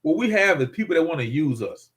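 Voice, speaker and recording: A man's voice: fairly high pitch, very animated, fast talker. Rambling older prepper man. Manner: rambling, repeats himself, folksy storytelling. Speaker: prepper channel host. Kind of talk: casual monologue to viewers.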